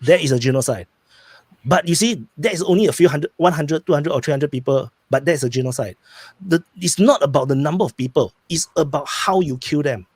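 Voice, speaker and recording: A man's voice: a little high, brisk, darkish tone, slightly rough, no room sound. A man in an online panel discussion who explains his point step by step and insists on being heard. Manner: explanatory, insists on getting the floor. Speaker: panel participant.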